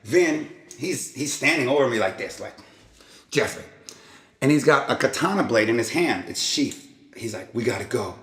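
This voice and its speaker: A man telling a rambling, casual story on his vlog, often breaking into acted-out quotes and sound effects. His voice sits at an ordinary middle pitch. The sound bounces around an echoey room. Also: expressive, normal speed, fairly bright tone. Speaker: vlog host.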